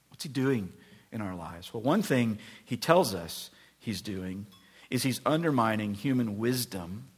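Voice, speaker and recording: In a fairly low, slightly rough voice, a male pastor preaches and tells stories, animatedly acting out the voices of the figures in them.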